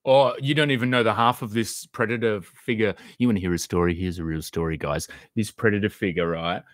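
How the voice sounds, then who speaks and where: A man's voice: fairly low pitch, fairly even intonation, brisk, no room sound. A man hosting a live stream, answering viewer comments in a loose, rambling chat and swearing now and then. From Australia.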